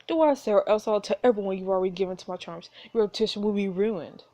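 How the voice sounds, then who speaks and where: A woman's voice: medium pitch, fast, warm tone, lightly acted. Woman voicing a smug, menacing duke. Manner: leering, taunting.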